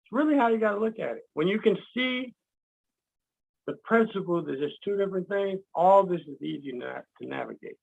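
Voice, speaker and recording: A man teaching in casual talk, animated, acting out quotes and laughing at his own jokes. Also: high-pitched, brisk, vocal fry, husky. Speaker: guest speaker. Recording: dull lo-fi sound.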